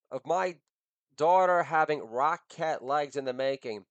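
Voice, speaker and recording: A man's voice: fairly high pitch, lively intonation, moderate pace, no room sound. A middle-aged man, a podcast host, delivering a crude comic monologue and laughing at his own jokes.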